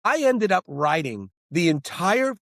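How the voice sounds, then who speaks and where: A middle-aged man, a screenwriter and director, talking in an interview in an animated, rambling way with many restarts. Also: high voice, measured pace, creaky, dry recording, clean studio sound. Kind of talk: interview conversation.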